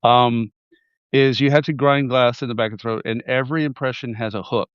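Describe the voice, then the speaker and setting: A man hosting a casual interview, talking fast and joking. His voice sits in a middle range. The sound is dry and dull, a little lo-fi. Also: medium pitch, fairly even intonation, clear, resonant tone, dry recording. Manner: quick, joking, talkative. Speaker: host.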